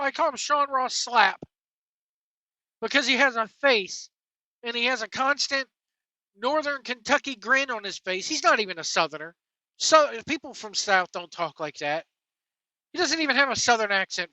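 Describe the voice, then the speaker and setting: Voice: mid-range voice, bright, forceful tone, no echo, low-quality recording. A wrestling vlogger delivering a sarcastic, profane rant to viewers. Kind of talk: ranting commentary to camera.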